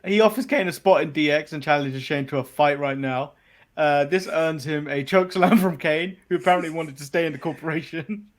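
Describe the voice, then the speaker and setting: A man's voice: a little high, a little fast. A man from the UK hosting a podcast, recapping events casually and laughing often. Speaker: podcast host.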